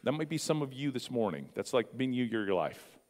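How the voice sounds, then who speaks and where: A man's voice: medium pitch, very animated, fairly quick, darkish tone. Man preaching a casual sermon in an echoing church. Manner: conversational preaching with asides and questions to the congregation. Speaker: pastor. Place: church sanctuary. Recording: long reverb of a church hall.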